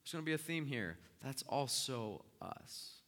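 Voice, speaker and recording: A man preaching a sermon and telling the story with animated swings from hushed, slow lines to loud, fast ones. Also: medium pitch, in a large hall. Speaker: pastor.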